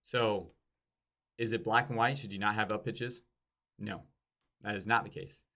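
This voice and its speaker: A man with a fairly low voice talks through a sales training in a casual, conversational way. He stops often to act out sample door-to-door pitches, showing how pauses, enunciation and pitch change the emphasis. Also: fairly even intonation, bright, forceful tone.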